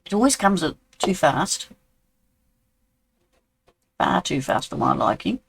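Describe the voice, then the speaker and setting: A man's voice: high-pitched, big pitch swings, slow pace, vocal fry, fairly bright tone, breathy edge, poor audio. A man in his sixties with a New Zealand accent, chatting casually with viewers while streaming a game and answering their messages. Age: 60s. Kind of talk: casual live-stream chat.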